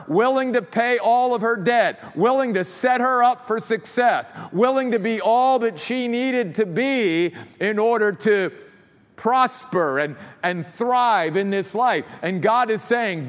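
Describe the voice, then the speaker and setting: High-voiced preaching man in a reverberant hall. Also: unhurried. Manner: emphatic preaching with repeated phrases. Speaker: pastor. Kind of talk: sermon.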